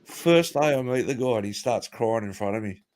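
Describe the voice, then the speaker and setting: A man's voice: mid-range voice, expressive, normal speed, a little mellow. A man telling a crude, profanity-heavy story in casual chat, laughing along as he goes. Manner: crude, swears a lot, laughs while telling. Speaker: podcast host telling a story.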